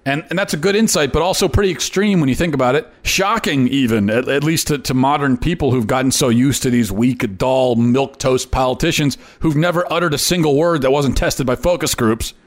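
A man's voice: mid-range voice, brisk, few pauses. Guy hosting a commentary show, emphatic, keeps repeating himself for effect. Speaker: host. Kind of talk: opinion commentary monologue.

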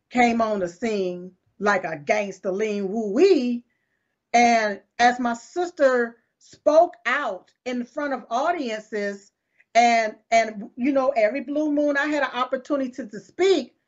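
A woman, hosting a live show and talking to viewers in an emphatic, repetitive, folksy preaching cadence. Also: fairly high pitch. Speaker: show host. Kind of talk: casual talk to viewers. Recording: dull lo-fi stream audio.

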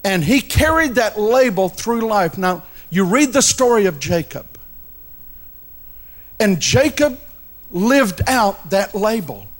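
A man's voice: high voice, sing-song, takes it slowly. A male pastor preaching a sermon, telling a story dramatically and addressing the congregation directly.

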